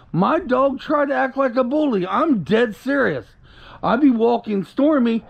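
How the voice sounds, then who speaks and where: Out on a walk with his puppy, a man chats casually to the camera in a high-pitched voice with vocal fry. He rambles, repeats himself, and speaks soothingly to the dog.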